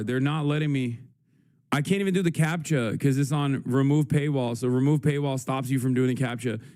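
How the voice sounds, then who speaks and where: A man's voice: medium pitch, darkish tone. A young man hosting a livestream, reacting frantically and swearing as he thinks aloud. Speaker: livestream host. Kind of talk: casual livestream commentary.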